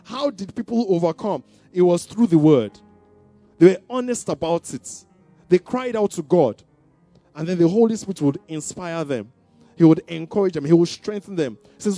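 Dark-toned preaching man, dry sound. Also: sits high, moderate pace, dry recording. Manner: call-and-response preaching, rising to emphatic declarations. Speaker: pastor. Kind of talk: sermon. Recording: dry sound with faint music behind.

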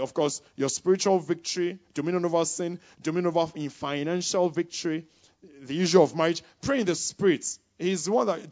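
A man preaching a sermon to students, checking in with his listeners again and again and swinging from quiet asides to loud exclamations. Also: a little high. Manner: call-and-response preaching, repeated checks with the listeners. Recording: dull lo-fi recording.

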